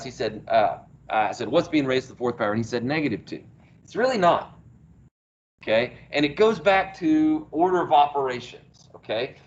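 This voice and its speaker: A male math teacher lectures his class, posing questions and praising the answers, heard through a small speaker in the classroom. His voice is mid-range, and the lo-fi sound carries slight background noise.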